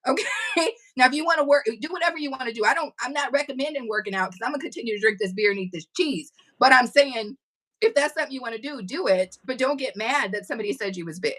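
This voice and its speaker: A woman's voice: sits high, quick pace, a bit bright. A woman hosting a casual livestream chat, talking bluntly and emphatically and cursing freely. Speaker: livestream host. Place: home livestream setup.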